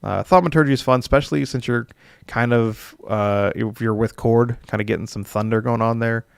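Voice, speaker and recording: Gravelly man hosting a casual stream. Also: mid-range voice, moderate pace, no room sound, studio quality. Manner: relaxed, rambling, with filler words and chuckles. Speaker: dungeon master hosting a live stream. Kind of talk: casual live-stream chat, reading viewer comments.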